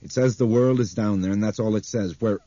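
A man voicing an airline pilot who speaks flatly and keeps tight control of his fear. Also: lowish voice, a little fast, no room sound, lo-fi sound, natural voice. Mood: tense. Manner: flat, clipped. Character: tense airline pilot staying flat and controlled.

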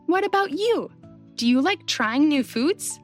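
A woman reading a children's story aloud in a gentle, sing-song way, speaking to young listeners. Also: high-pitched, expressive, unhurried, soft background music.

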